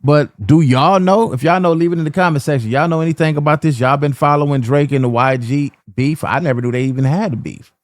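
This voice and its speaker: A man hosting a reaction channel, speaking a bit high for a man and recorded dry and close. He talks casually to his viewers, stammering and going back over his own words. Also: quick pace, dry recording. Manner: stammering, repeats himself, talks straight to viewers.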